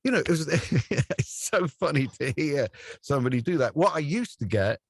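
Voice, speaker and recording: A man's voice: a little high, animated, moderate pace, breathy edge, dry recording. A man who works as a radio presenter, chatting in an interview and telling stories with plenty of laughter. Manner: chatty storyteller who laughs often and acts out voices. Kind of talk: relaxed anecdotal interview chat.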